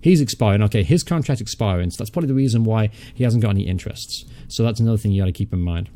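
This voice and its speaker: Mellow-voiced man muttering through a game. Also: lowish voice, rapid-fire. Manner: chatty, thinks aloud, mutters and swears casually. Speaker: gaming channel host. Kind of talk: casual let's-play commentary.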